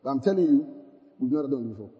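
A man's voice: medium pitch, expressive, very fast, in a large hall, muffled recording. A man preaching a sermon as pastor, calling out questions to the congregation and repeating key phrases for emphasis. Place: church hall.

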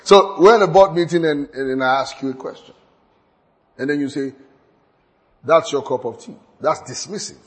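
Male Bible teacher, slightly raised pitch, emphatic and repetitive, stumbles and restarts often. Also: brisk. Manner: repeats key points, stammers and restarts, laughs at own slips. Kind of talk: teaching sermon.

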